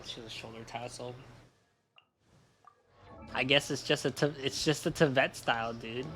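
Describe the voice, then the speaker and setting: A man's voice: mid-range voice, fairly bright tone, a little hiss or hum. A man streaming a game live, chatting casually in a rambling, joking way and swearing freely.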